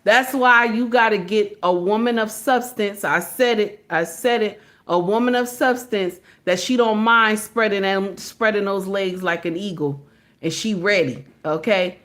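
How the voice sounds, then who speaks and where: A woman's voice: medium pitch, unhurried, fairly bright tone. A woman giving casual reaction commentary, emphatic and repetitive, driving each point home with "okay?" and "baby".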